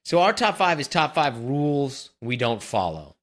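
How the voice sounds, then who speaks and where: Dad in his 30s on a podcast, dry teasing banter, mid pitched. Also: very animated, normal speed, fairly bright tone. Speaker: podcast co-host. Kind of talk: casual chat.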